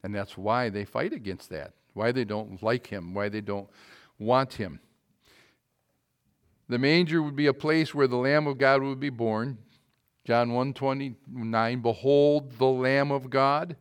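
A man delivering a sermon in an emphatic preaching manner. His voice sits in an ordinary middle pitch. He swings between loud, ringing calls and quiet, low asides. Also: a little slow, long pauses, clear, resonant tone.

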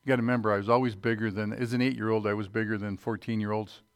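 A man's voice: on the low side, flat delivery, rapid-fire, no room sound, clean studio sound. A man preaching a sermon, reading scripture aloud and checking in with his listeners.

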